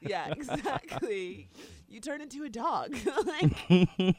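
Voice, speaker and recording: A young adult woman chatting casually as a podcast co-host, animated and teasing, acting out her husband's outbursts. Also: fairly high pitch, takes it slowly, crowd noise. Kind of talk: casual chat.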